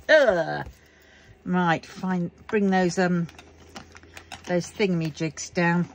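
A woman's voice: fairly low pitch, unhurried. A tired woman chatting casually as she works on a craft project at home, grumbling and joking to herself. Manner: chatty, self-mocking, grumbling asides. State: tired, yawning. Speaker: crafting vlogger. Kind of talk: casual chat while crafting.

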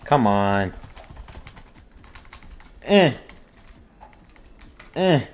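A man talks through his gameplay at a computer in a casual, everyday voice of ordinary pitch. He grumbles and mutters at the game and his mouse, sliding between annoyed snaps and low complaints. Keyboard typing sounds faintly behind him. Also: sing-song, very slow. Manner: grumbling, talking at the game in frustration. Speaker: gaming video creator.

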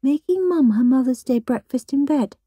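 A woman's voice: high-pitched, expressive, moderate pace, warm tone, dry recording, voice pushed up. A woman voicing a prim, goody-goody little boy in a storybook reading, prissy and whiny.

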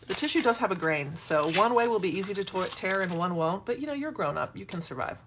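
A woman's voice: medium pitch, lively intonation, fast talker, noisy background. A middle-aged woman hosting a casual craft tutorial, chatting and wandering into asides as she works. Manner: chatty, rambling asides while working. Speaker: craft demo host.

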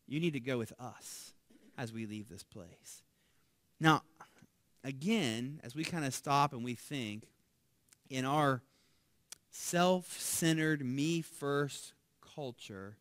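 A man pastor preaching a sermon conversationally, often asking "right?". He grows loud and animated when voicing pleas and drops to a hush on key words. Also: mid-range voice, slow, pauses often, dry recording.

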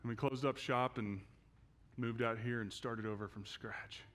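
A male pastor preaching in a church, telling a personal story and moving from hushed, quiet passages to loud, intense ones. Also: medium pitch, fairly even intonation, normal speed. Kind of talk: sermon.

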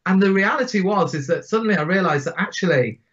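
A man in his forties, guest on an interview podcast, telling his stories in an animated, emphatic way. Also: sits high, fast talker. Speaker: guest speaker. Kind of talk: storytelling interview. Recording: dull lo-fi sound.

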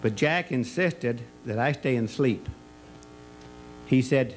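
A man's voice: mid-range voice, takes it slowly, soft background music, rough recording. Rambling folksy man telling party stories. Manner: rambling storyteller who tells jokes with many restarts and fillers. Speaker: retirement party speaker, former school colleague. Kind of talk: folksy anecdotal speech at a party. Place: party or banquet room.

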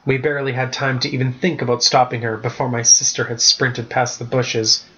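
A man, the author, narrating his storybook in a measured storytelling manner. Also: medium pitch, little pitch movement, pushed and bright, muffled recording. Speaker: author reading his novel.

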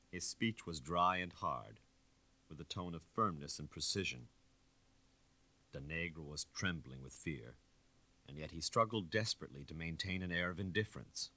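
A man giving scripted audiobook narration in a measured, expressive way. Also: extremely low pitch, no echo.

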